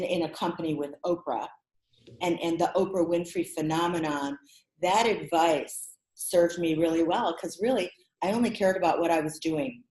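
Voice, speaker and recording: A middle-aged woman from the American Midwest, a podcast guest telling her career story in an animated, expressive way and acting out quotes. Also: fairly low pitch. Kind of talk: conversational storytelling. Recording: roomy echo.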